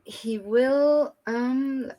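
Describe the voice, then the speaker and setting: A woman runs a tabletop game as dungeon master, speaking slowly and deliberately in a slightly high voice. She pauses on frequent ums while she works out each turn. The audio comes through a video call. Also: warm tone. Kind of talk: running a tabletop game over voice chat.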